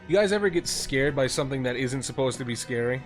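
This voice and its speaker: A man's voice: medium pitch, expressive, quick pace. Chatty man streaming a game. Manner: chatty, self-deprecating asides. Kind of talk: casual live game commentary. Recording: game music behind voice.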